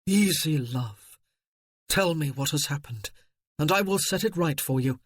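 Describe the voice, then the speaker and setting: Reader doing calm, protective officer husband, firm, unhurried. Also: male voice, a little high, breathy edge, no room sound, clean studio sound. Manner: maddeningly calm, firm, reassuring. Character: steady male military officer, calm and protective.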